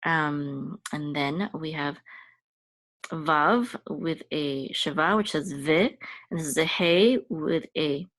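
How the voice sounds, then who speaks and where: A woman's voice: low voice, takes it slowly, fairly bright tone, dry recording. A woman teaching a language lesson, patiently explaining each step with frequent fillers and check-ins. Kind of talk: casual lesson walkthrough.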